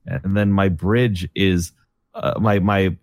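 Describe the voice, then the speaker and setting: A man's voice: sits low, steady tone, takes it slowly, no echo, clean studio sound. A man chatting casually on a voice call as a tabletop game player, eagerly talking through his character. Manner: enthusiastic, talks through his character aloud. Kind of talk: casual chat over voice call.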